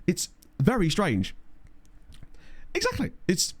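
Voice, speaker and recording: A man's voice: high voice, wildly swooping pitch, slow pace, husky. A man with a chatty, jokey manner, live-streaming a management game and reading out stats while talking to chat.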